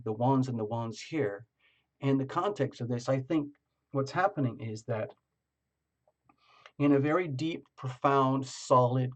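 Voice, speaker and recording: A man giving a relaxed tarot reading, with a mid-range voice. He wanders through his thoughts and repeats words for emphasis. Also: mid-range voice. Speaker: tarot reader.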